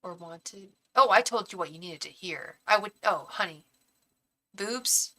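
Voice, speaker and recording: A woman's voice: mid-range voice, unhurried, sharp tone, low-quality recording. A young woman doing a live tarot stream, talking earnestly and defensively to viewers, stammering and restarting, calling them pet names, and openly emotional. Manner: calls viewers pet names like babe and honey. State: emotional, heart racing.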